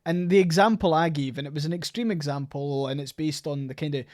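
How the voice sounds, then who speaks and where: A Scottish man with a slightly high voice co-hosts a podcast in loose, rambling conversation. He drifts through his points with plenty of "like" and the odd casual swear word. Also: a little fast, darkish tone. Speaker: podcast co-host.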